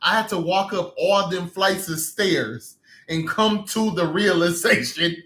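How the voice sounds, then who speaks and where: A man hosting a live casual chat, emotional and quick to tear up while telling stories. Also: high-pitched, sharp tone, roomy sound. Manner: emotional, laughing, tearful storytelling. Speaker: livestream host.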